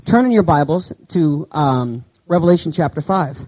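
A man preaching a sermon in a conversational way, asking his listeners questions and slowly reading out Greek words. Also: on the high side, expressive, a little mellow, poor audio. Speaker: pastor.

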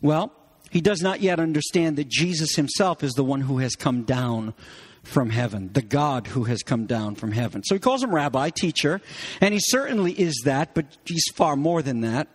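A man's voice: on the high side, expressive, moderate pace, husky. A man preaching a sermon as a pastor, explaining scripture and rising emphatically on key phrases. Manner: expository teaching, rising emphatically on quoted lines.

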